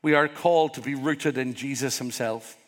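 A man's voice: mid-range voice, normal speed. A Northern Irish man preaching a sermon as pastor, earnest and emphatic, building repeated phrases. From Northern Ireland. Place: church hall with congregation. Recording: long hall reverb.

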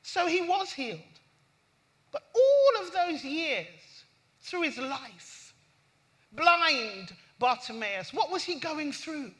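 High, bright female preacher, impassioned sermon delivery with scripture reading. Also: big pitch swings, slow pace. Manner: impassioned, rising pitch on emphasis.

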